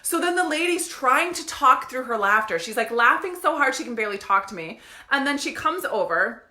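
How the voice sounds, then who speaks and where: A woman from the United States telling a story in a casual, animated way, swearing freely and often breaking into laughter. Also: sits high, a little fast. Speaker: business coach. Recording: echoey room.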